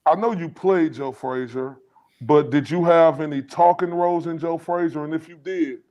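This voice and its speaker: A man co-hosting a podcast, asking relaxed, friendly questions and giving shout-outs in casual chat. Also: fairly high pitch, normal speed, highs cut off. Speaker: podcast co-host.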